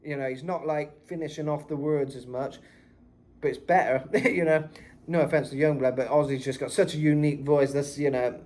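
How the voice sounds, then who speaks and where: A man's voice: a little high, moderate pace. A man, a vocal coach, talking casually about a singer's technique, recorded on a phone and filling his talk with "you know" and "kinda". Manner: relaxed and chatty, full of "you know" and "kinda". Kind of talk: casual vocal analysis tutorial.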